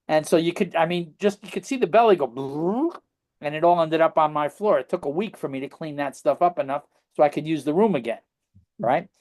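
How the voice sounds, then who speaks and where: Brief: middle-aged male interview guest, somewhat high voice, loose storytelling with frequent check-ins. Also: a little mellow. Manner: rambling storyteller, constant "all right?" tag questions. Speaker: guest practitioner. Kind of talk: casual anecdotal interview talk.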